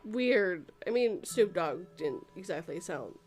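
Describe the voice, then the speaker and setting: A woman hosting a casual live-stream chat, animated and quick to laugh. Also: fairly low pitch, husky, soft background music. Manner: animated, laughs often, acts out quotes.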